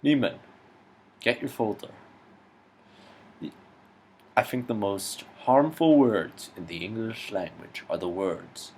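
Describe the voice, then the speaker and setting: Harsh, bullying male music teacher impression by a man, clipped barked orders, low voice. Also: slow, long pauses, darkish tone, a little hiss or hum. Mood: demanding.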